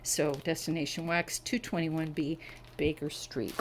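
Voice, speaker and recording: Chatty middle-aged woman with a lowish voice. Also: level tone, measured pace, background noise. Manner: chatty and enthusiastic, savoring scent descriptions. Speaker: wax melt reviewer. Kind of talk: casual product review vlog. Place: home. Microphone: camera on a tripod.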